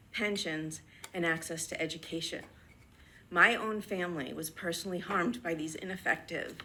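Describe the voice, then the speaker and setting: A woman reading a prepared public comment at a town board meeting, earnest and measured, a little out of breath. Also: on the low side, bright, forceful tone, slight background noise. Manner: earnest, measured, deliberate pauses between list items. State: slightly out of breath. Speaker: resident speaking at public comment.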